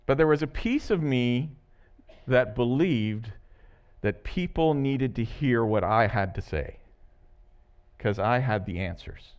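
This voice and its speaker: A man preaching a sermon as a pastor, animated and laughing often as he acts out the story. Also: medium pitch, slow pace, clean tone, lo-fi sound.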